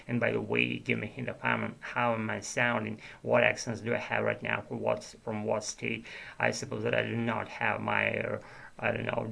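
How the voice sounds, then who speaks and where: A man's voice: mid-range voice, vocal fry, sharp tone. A man with a Russian accent vlogging in a rambling, hesitant monologue, murmuring with many restarts. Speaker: language learner vlogger.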